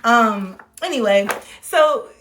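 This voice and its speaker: A woman's voice: a little high, expressive, slow, a bit bright, a little hiss or hum. A woman in a casual, candid livestream monologue, speaking bluntly with swearing and acting out the voices of people she quotes, recorded on a phone mic.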